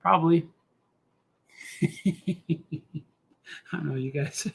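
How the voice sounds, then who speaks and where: Middle-aged guy rambling while he draws, kinda husky, a bit high for a man, goofy and chatty. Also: extremely slow, long pauses. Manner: goofy, talks to himself, does silly voices. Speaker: cartoonist host drawing on stream. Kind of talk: rambling casual chat while drawing.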